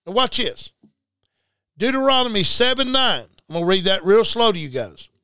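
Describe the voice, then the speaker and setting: A man's voice: high voice, sing-song, moderate pace, pushed and bright, smooth, no echo. A man preaching a sermon, emphatic and repetitive, talking straight to his listeners. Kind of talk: livestreamed sermon.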